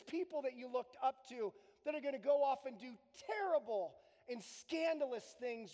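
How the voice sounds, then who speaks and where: A man preaching a sermon as pastor in a church, earnest and emphatic, speeding up and slowing down. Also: very high voice, a little mellow. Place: church sanctuary. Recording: long hall reverb.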